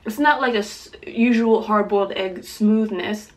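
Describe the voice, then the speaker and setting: A woman hosting a casual food vlog at home, chatty and excitable as she eats and describes each dish, teary from spicy food. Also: medium pitch, a little slow. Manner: chatty, excitable, exclaims often. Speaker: mukbang host.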